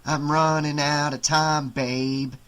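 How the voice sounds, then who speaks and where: A sneering killer doll from a horror audiobook, as a male narrator puts him on. He drags out every threat slowly, his voice bright and edged. Each line sounds like a blade held close. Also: a little high, level tone, clean tone. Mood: menacing. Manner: slow, snarling threats.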